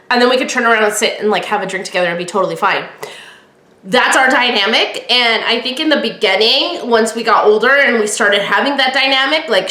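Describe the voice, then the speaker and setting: A woman hosts a casual solo podcast, chatty and opinionated as she acts out old conversations. Her voice sits a little high and sounds bright. The room gives it a noticeable echo. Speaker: podcast host.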